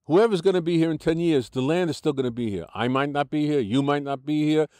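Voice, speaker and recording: A man's voice: a little high, fast, a little mellow, no room sound. Older american guy being interviewed, lectures and argues, lots of restarts, dry close sound. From United States. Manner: argumentative, lecturing with many restarts and "look". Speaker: interview guest.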